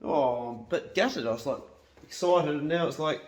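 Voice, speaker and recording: A man's voice: fairly high pitch, moderate pace. A New man in his fifties chatting casually to camera in his home kitchen, blunt, swearing freely and laughing easily. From New Zealand. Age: 50s. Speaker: hunting and cooking vlogger.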